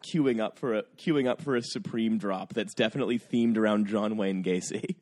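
A man's voice: fairly low pitch, normal speed, darkish tone. A man co-hosting a comedy podcast, joking and laughing often in casual chat. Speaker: podcast co-host.

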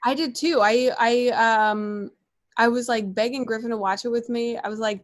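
A woman's voice: fairly high pitch, fairly even intonation, a little fast. A woman co-hosting a casual podcast, chatty and stumbling, with lots of 'like' and restarts. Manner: chatty, uses 'like' often, stumbles on words. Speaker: podcast co-host. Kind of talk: casual chat.

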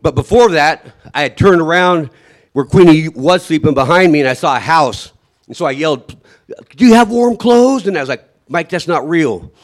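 A man telling a personal survival story in a halting, emotional way, often trailing off and restarting, and acting out his own shouts. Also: on the high side.

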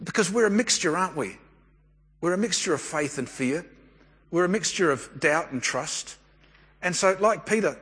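A man delivers a sermon in an easy, storytelling manner. His voice sits high and a little husky, and it carries a long reverb from a church hall. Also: lively intonation, normal speed, long pauses, a bit bright. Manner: conversational storytelling preacher. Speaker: pastor.

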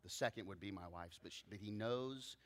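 A man preaching a sermon as pastor, telling stories with lively swings between loud bursts and soft low asides. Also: a little fast, in a large hall.

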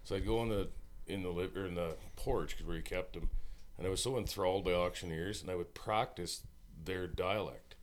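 A man from Saskatchewan, a musician, telling relaxed, rambling, self-deprecating stories in a recording studio. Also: sits low, a little fast. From Saskatchewan, Canada. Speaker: musical guest, singer-songwriter. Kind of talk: casual storytelling chat.

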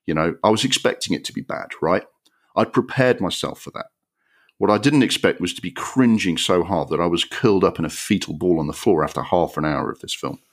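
Male podcast co-host, deep voice, exasperated sweary ranter. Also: fairly quick. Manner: exasperated, sweary, ranting with rising pitch. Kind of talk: casual film review rant.

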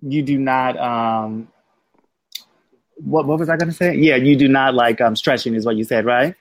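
A man's voice: mid-range voice, normal speed, no echo. Easygoing man on a dry mic. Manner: easygoing, rambling, agreeable. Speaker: podcast co-host. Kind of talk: casual chat.

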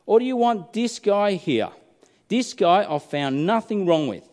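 A man's voice: high voice, expressive, a little slow, a little mellow. A male preacher voicing a wavering Roman governor who is coaxing a crowd. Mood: persuasive. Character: wavering Roman governor, middle-aged man. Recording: reverberant hall.

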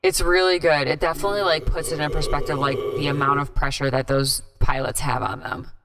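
A woman's voice: deep voice, steady tone, fairly quick, fairly bright tone, smooth. A woman co-hosting a podcast in casual chat, talking freely with lots of "like". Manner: chatty, lots of "like". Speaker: podcast co-host.

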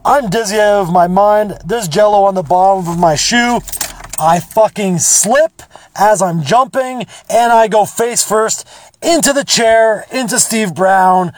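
A man with a high-sitting voice, recorded with no room sound, hosts a podcast. In a casual storytelling monologue, he tells rambling, profane stories bluntly.

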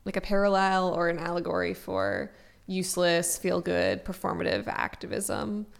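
Young woman with a gravelly voice. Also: on the low side, sing-song, normal speed. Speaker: podcast co-host. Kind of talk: casual book discussion.

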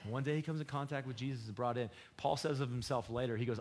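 A man preaching a sermon in a conversational, slangy way, swinging between loud bursts and hushed, low retellings of scripture. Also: quick pace. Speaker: pastor.

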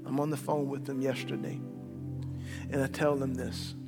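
A man, a pastor, preaching an emphatic sermon that swings between loud and quiet. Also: mid-range voice, flat delivery, normal speed. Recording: long hall reverb with soft background music.

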